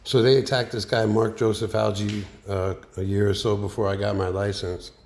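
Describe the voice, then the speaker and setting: A man's voice: on the low side, level tone, moderate pace, a little mellow, slight background noise. A man in a heated, profane, rambling rant as he vlogs about radio troubles, with many fillers. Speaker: radio hobbyist vlogger. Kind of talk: angry ranting monologue. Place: recorded with a handheld radio nearby.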